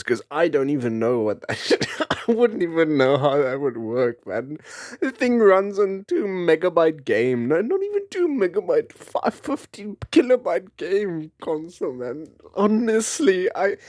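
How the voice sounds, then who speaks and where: Young male podcast host, animated swoopy delivery, dry close sound, rambles and chuckles. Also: medium pitch, no echo. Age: young adult. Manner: excitable, rambling, chuckles often. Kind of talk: casual rambling commentary.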